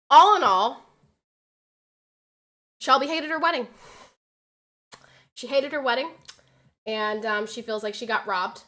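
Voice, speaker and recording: A young woman streamer telling a story in casual chat, animated and swearing, acting out quotes loudly. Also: sits high.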